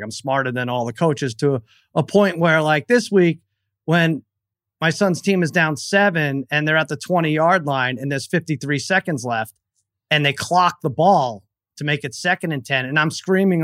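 A middle-aged man telling a sports story in a casual chat, animated and rambling as he doubles back over his words. His voice sits a little high. The sound is close and dry, with no room around it. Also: normal speed, no echo. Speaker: podcast co-host.

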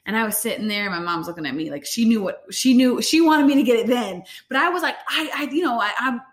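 A young woman casually and candidly telling a personal birth story, with frequent fillers and lively retellings. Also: fairly high pitch, fast. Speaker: vlogger sharing a birth story. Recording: roomy echo.

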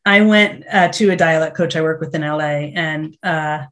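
A middle-aged actress chatting as an interview guest, telling lively stories and acting out what people said. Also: female voice, low-pitched, moderate pace. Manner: animated storytelling, acts out quotes. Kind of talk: casual interview chat.

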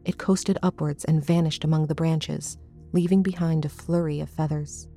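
Faint music sits quietly beneath a woman's steady, low and mellow narration. She reads a horror tale told in the first person, pacing it in a measured way that builds suspense.

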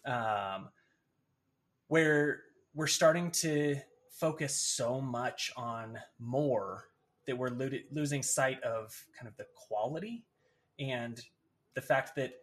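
Man, podcast guest, medium pitch, relaxed, conversational, frequent "like". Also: slow pace. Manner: relaxed, lots of "like" and "right?". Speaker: guest, author and agency founder. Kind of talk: casual interview chat.

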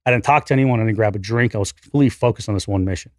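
Fast-talking man in his forties telling a story. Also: fairly low pitch, no echo, clean studio sound. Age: 40s. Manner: animated, profane, self-deprecating storyteller. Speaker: podcast guest. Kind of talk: casual storytelling.

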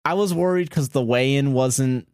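A man's voice: mid-range voice, normal speed, darkish tone, dry recording, studio quality. A man co-hosting a podcast in casual chat, laid-back, swearing often and filling with "like". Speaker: podcast co-host.

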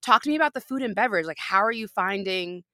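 A woman's voice: mid-range voice, animated, fast, pushed and bright, no echo, clean studio sound. A woman hosting a podcast in casual chat, upbeat and encouraging with a playful manner. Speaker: podcast host.

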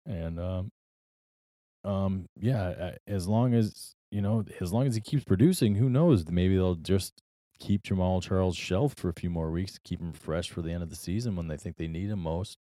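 A man's voice: low voice, moderate pace, no room sound, clean studio sound. A man co-hosting a podcast, chatting casually and agreeably about football, with plenty of fillers. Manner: relaxed, agreeable, rambling with fillers. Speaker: podcast co-host. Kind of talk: casual sports chat.

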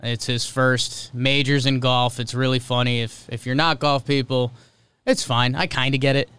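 A man with a smooth, resonant voice hosts a laid-back sports podcast. He reads scores in short, clipped bursts and tosses in casual, offhand remarks. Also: mid-range voice, fairly even intonation, normal speed, bright, forceful tone, dry recording. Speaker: podcast host.

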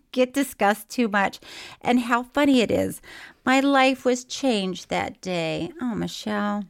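A woman's voice: mid-range voice, clean tone. A woman co-hosting a chatty podcast, laughing often and reading listener mail aloud with quirky emphasis on odd words. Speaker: podcast co-host. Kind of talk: casual podcast chat.

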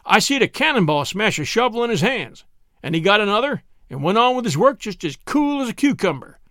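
A man's voice: sits high, sing-song, fairly quick, pushed and bright, no echo, full character voice. A sly old cobbler from a storybook with a lazy, drawling country dialect, as a male reader puts him on. The voice lifts and dips freely and is heard up close and dry.

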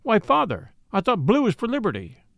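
An indignant boy, heated and protective of his little sister, as a man reads him. The voice sits high and animated in a storybook reading. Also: brisk, vocal fry, no room sound, studio quality, heavily acted. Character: angry boy, protective older brother.

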